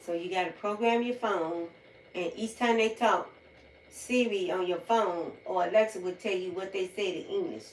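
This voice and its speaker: A woman's voice: medium pitch, normal speed, a little hiss or hum. Woman, casual livestream chat, repeats herself for emphasis, echoey room, set back from the phone mic, faint background ambience. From United States. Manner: chatty, repeats points for emphasis. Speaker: livestream host. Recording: roomy sound, far from mic, faint ambience.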